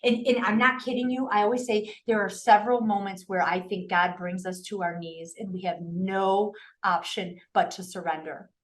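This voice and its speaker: A woman's voice: mid-range voice, steady tone, normal speed, hardly any pauses. A middle-aged woman telling a personal story in a casual interview, earnest and emotional, often restarting her sentences. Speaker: podcast guest.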